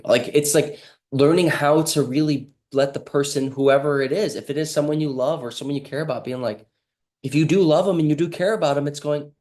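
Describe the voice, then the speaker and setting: A man's voice: mid-range voice, a little fast, a little mellow. A man speaking as a healing practitioner in a casual motivational monologue, earnest and rambling, with frequent restarts and lines he acts out himself.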